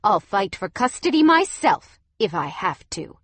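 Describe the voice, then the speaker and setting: A woman's voice: mid-range voice, sing-song, measured pace, a bit bright, no echo. A woman voicing a scornful middle-aged mother-in-law in an audiobook, cutting and sneering.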